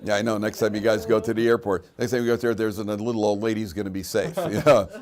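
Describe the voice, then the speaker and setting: A man's voice: lowish voice, steady tone, fast, a little mellow. A middle-aged man, a rabbi giving an informal Torah lecture to students, who acts out voices in his stories and laughs at his own jokes. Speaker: rabbi teaching a weekly Torah class. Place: classroom at a Jerusalem yeshiva.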